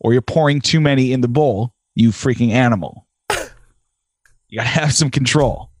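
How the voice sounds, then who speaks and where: A man's voice: mid-range voice, moderate pace, no room sound. A man co-hosting a podcast in casual chat, blunt and argumentative, teasing his partner and swearing. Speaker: podcast co-host.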